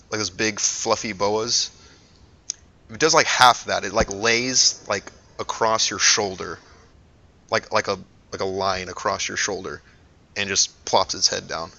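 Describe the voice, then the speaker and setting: A man narrating a tabletop game as game master, halting and full of fillers as he describes scenes. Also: fairly low pitch, creaky, sharp tone. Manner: hesitant, lots of ums and restarts while describing scenes. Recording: dull lo-fi recording.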